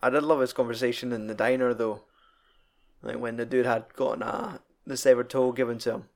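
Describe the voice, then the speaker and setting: Young man, casual film chat, sweary, laughs often, mid pitch. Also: steady tone, fairly quick, darkish tone. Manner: sweary, laughing, quotes film lines in put-on voices.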